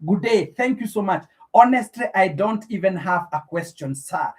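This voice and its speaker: A man's voice: high voice, animated, normal speed, darkish tone. A middle-aged Kenyan man hosting a live stream, effusively thanking viewers by name and giving preacher-like blessings.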